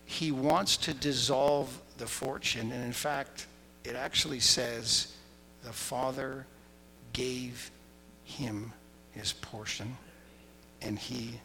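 A man preaching a sermon, telling the story with lively asides and acting out quoted voices. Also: medium pitch, takes it slowly, vocal fry, pauses often. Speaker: pastor. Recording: hall reverb, faint noise.

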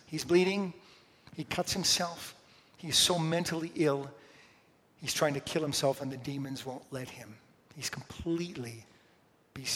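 A male pastor preaching a sermon with dynamic swings from loud declarations to hushed whispers. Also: mid-range voice. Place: church sanctuary. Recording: long reverb of a large hall.

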